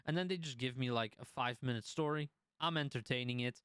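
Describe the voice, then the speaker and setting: A man talks casually on his stream, restarting sentences and swearing now and then. His voice is smooth and clear. It sits in a mid register and sounds close and dry, with no room around it. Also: mid-range voice, fast, fairly bright tone, no room sound. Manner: conversational, restarts and swears while telling a story.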